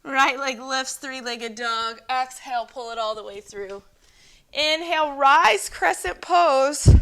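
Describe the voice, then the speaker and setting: A woman yoga instructor calmly cueing breaths and poses in a guided flow at home. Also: sits high, slow. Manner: calm, encouraging breath cueing. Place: home, dogs nearby.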